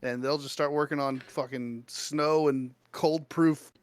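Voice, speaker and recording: A man co-hosting a casual talk stream, telling stories in an animated way and swearing often. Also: fairly high pitch, a little slow. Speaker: co-host. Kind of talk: casual chat.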